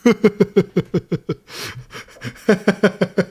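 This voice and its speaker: A man's voice: sits high, animated, very slow, darkish tone, husky. A young man hosting a casual livestream chat, rambling and mocking himself with frequent laughter. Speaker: livestream host.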